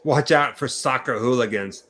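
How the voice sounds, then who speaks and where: A man's voice: mid-range voice, normal speed, a bit bright. A man co-hosting a casual horror livestream, reading out viewer comments in an upbeat way. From United States. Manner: reads out chat messages, upbeat. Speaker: co-host of a horror watch-party livestream.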